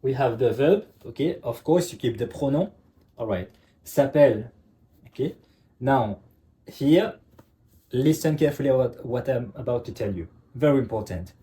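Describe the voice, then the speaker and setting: Male teacher, relaxed dark tone, patient classroom explaining. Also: medium pitch. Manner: repeats "ok" constantly, checks understanding, slow emphatic examples. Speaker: French teacher.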